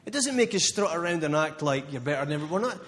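A man's voice: a little high, expressive, very fast, a bit bright, big-room sound. A male pastor preaching a sermon, impassioned and building to fired-up declarations with emphatic repeated phrases.

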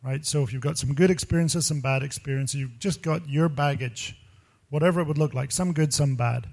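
A man preaching in a slightly higher voice than most men, rambling through personal stories. He is animated and laughs often, and his sermon feels loose and unscripted. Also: a little fast, vocal fry. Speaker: pastor.

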